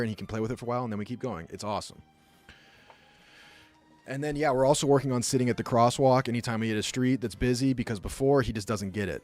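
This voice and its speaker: A young man telling a rambling, casual story full of fillers, talking as a podcast host. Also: medium pitch. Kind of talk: casual chat.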